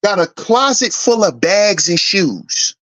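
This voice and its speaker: A man's voice: high-pitched, big pitch swings, slow pace, a bit bright. A man hosting a commentary channel, preaching an emphatic rant that repeats lines for effect and swears freely. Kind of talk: ranting social commentary.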